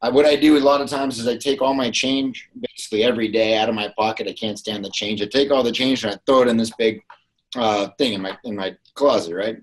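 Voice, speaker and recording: A man talking casually on a podcast, blunt and profane as he tells his stories. His voice sits at an ordinary middle pitch. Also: steady tone, fast, low-quality recording. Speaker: guest.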